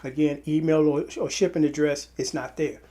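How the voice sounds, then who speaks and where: A fairly high, mellow male voice moves at normal speed with fairly even intonation. The tired speaker, low on sleep, hosts his own channel as an online seller, rambling to his buyers in a casual camera-facing vlog and repeatedly restarting his words.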